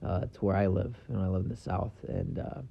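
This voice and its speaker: A young man with a fairly low voice talks through his solo podcast in loose, wandering chat, swearing without care and filling every gap with ums. The sound is dull and a little lo-fi. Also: steady tone, fairly quick, creaky. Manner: casual, swears, lots of ums. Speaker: podcast host.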